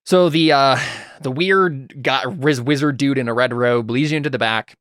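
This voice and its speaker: A man's voice: mid-range voice, moderate pace, fairly bright tone, clean tone, dry recording, clean studio sound. A man narrating as game master of a tabletop role-playing game, talking loosely with many fillers and restarts.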